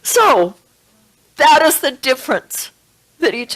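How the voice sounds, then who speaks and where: A woman's voice: lowish voice, moderate pace, long pauses, poor audio. A woman giving a sermon to a small congregation, telling a story with feeling and laughing now and then. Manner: emotional, animated storytelling with laughs. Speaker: spiritual practitioner giving the talk.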